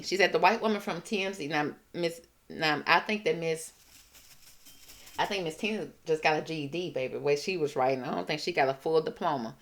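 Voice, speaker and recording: Sassy woman, kinda low voice, mocking commentary, drags out her jabs. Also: fairly bright tone. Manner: sassy, mocking, drawn-out emphasis. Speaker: commentary channel host. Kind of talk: casual commentary, reading and reacting.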